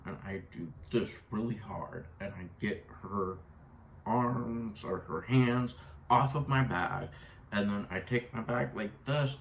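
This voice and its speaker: A man's voice: on the low side, slight background noise, low-quality recording. A man vlogging in a casual, rambling storytime chat, full of fillers. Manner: rambling, chatty, with many fillers.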